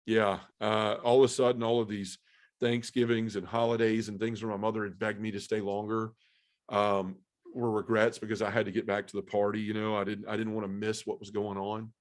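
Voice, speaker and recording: Male guest, lowish voice, emotional and earnest testimony style. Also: little pitch movement, a little fast. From Memphis area, US South. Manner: emotional, earnest storytelling with many fillers. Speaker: podcast guest. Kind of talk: personal testimony in conversation.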